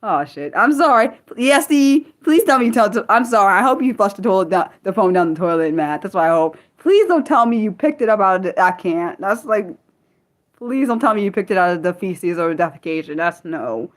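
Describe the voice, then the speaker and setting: A woman's voice: medium pitch, lively intonation, fairly quick. A woman hosting a casual unscripted livestream, rambling as she reacts to chat comments and often apologizes. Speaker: livestream host.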